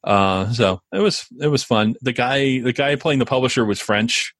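Casual and rambling, a male podcast co-host keeps restarting and using fillers as he chats. He speaks at normal speed in a medium-pitched, fairly bright voice, recorded dry and clean in a studio.

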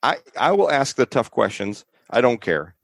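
A man's voice: medium pitch, very animated, moderate pace, creaky, no room sound. A man co-hosting a podcast in casual chat, joking and teasing with frequent laughs. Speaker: podcast co-host.

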